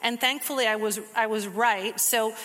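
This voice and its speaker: A woman giving a casual, conversational sermon, teaching from a book of the Bible with quick asides. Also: fairly high pitch, fairly even intonation, a bit bright, long reverb tail.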